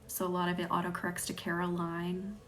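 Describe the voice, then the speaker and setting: A woman from the American South with a light Southern accent, hosting a live Reiki stream. She chats with viewers and thanks them by name, and often drops into a soft whisper. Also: lowish voice, little pitch movement, normal speed, slight background noise. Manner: chatty, laughs easily, thanks viewers by name. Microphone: phone or webcam on a live stream.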